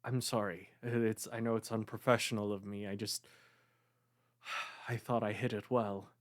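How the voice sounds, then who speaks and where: A game master voicing a composed woman who hides her heartbreak, speaking softly with hesitant sighs. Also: medium pitch, level tone, a little slow, voice pushed down, close to an everyday voice. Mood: sorrowful. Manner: soft, hesitant, sighing.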